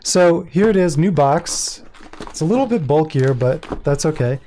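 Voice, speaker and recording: A man's voice: a little high, lively intonation, moderate pace, mellow, slight background noise. A man who runs his own publishing company, chatting casually and with amusement as he hosts a livestream. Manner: chatty, self-amused, thinks aloud. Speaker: independent publisher and host. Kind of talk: casual livestream product launch.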